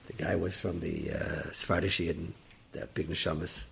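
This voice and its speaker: A man telling a story in an animated way, switching into acted voices, with a raspy, gravelly voice. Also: sits low, moderate pace. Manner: animated, slips between narration and acted voices, laughs at his own jokes. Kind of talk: oral storytelling.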